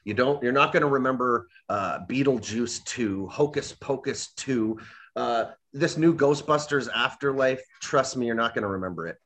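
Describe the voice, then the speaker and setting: A man's voice: medium pitch, moderate pace, a bit bright. A young man ranting animatedly in a casual chat, often mimicking voices when he quotes people.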